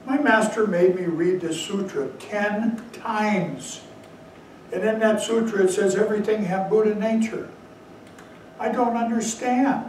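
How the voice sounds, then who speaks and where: A man's voice: sits high, a little slow, a little mellow, slight background noise, pitched above the performer's own voice. A man voicing a young male monk who earnestly questions his master, in a very echoey room far from the mic. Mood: puzzled.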